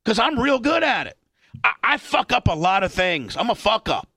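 A radio host from Indiana talks in a slightly high voice, rambling through a story with plenty of swearing and jokes at his own expense. The sound is dry and close, with no room around it. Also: very animated, normal speed, bright, forceful tone, no echo. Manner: profane, rambling, self-deprecating. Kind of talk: casual storytelling chat.

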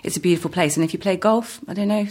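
A woman's voice: fairly low pitch, racing, a little mellow. A woman guest chatting casually in an interview, laughing often and restarting her sentences. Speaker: actress guest.

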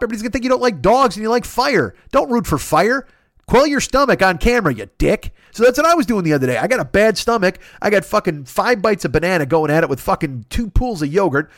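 A man rattles off a comic rant at a fast clip, swearing freely and poking fun at himself. His voice sits a bit high for a man. The sound is dry, with no room tone. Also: no echo. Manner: profane, ranting, self-mocking. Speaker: podcast host. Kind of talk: comedic storytelling monologue.

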